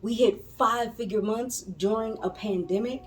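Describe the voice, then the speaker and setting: A middle-aged woman from the Maryland suburbs of Washington DC chats casually to camera for her viewers as a vlogger and business coach. Her voice is a little high and her pace normal, with soft music playing behind her. She laughs often and throws in folksy asides.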